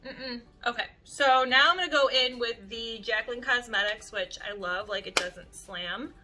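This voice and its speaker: A young woman beauty vlogger talking to camera in an animated, chatty way, leaning heavily on "like" as she tells stories. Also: on the high side, measured pace. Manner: animated, chatty, heavy use of "like". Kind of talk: casual storytelling chat to camera.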